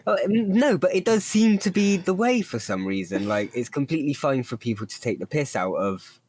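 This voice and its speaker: A man co-hosting a podcast, chatting casually with quick joking asides and frequent laughs. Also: fairly high pitch, big pitch swings, darkish tone, slight background noise. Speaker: podcast co-host. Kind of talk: casual comedic chat.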